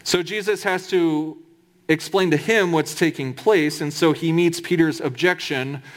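A man's voice: on the high side, a little slow. A man preaching a sermon in a conversational, humorous way, with emphatic asides.

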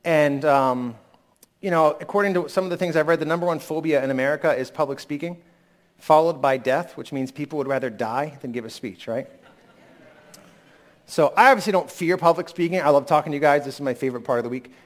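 A man with a slightly high voice preaches at a fairly quick pace, candid and conversational, with abrupt emphatic climbs. The pastor is recovering from a cold that has lingered.

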